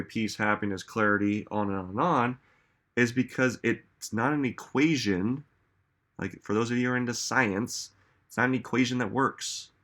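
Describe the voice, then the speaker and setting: A man's voice: on the low side, fairly bright tone. A man giving a reflective motivational talk, musing aloud and asking listeners many rhetorical questions. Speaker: self-help speaker.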